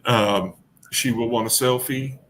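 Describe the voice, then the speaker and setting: A man's voice: mid-range voice, measured pace, fairly bright tone, slight background noise. A man running a tabletop game as game master, narrating with many fillers and restarts.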